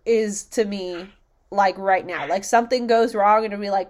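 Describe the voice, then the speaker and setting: A woman's voice: medium pitch, normal speed. A young woman in casual chat, swearing freely and acting out quotes with big bursts of energy. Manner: animated, swears a lot, acts out loud quotes.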